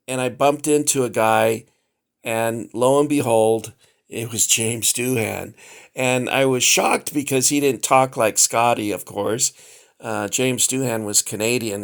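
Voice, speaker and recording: Slow gravelly man rambling about toys. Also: mid-range voice. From Southern California. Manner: rambling, halting, many fillers. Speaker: toy collector host. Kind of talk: casual show-and-tell chat.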